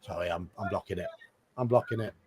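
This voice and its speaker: A man's voice: sits low, fast talker. A man hosting a live playthrough, reading a gamebook aloud with casual asides and chuckles.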